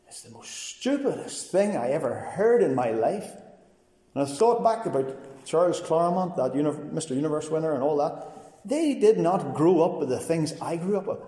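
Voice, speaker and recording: A man's voice: on the high side, dark tone. A man giving a personal testimony sermon, telling his story earnestly and acting out what others said to him. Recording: reverberant hall.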